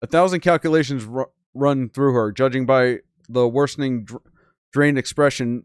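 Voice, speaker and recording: A man's voice: medium pitch, moderate pace, clean tone, no echo, clean studio sound. A man hosting a gaming channel, reading a game's story aloud with casual, crude commentary and disbelieving asides.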